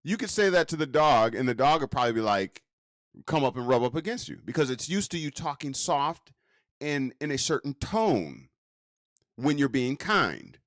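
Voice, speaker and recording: A man's voice: big pitch swings, a bit bright, dry recording, clean studio sound. A man giving a casual lecture. He keeps asking the listener rhetorical questions. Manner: slow, drawn-out delivery with wide pitch swings. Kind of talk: casual teaching talk.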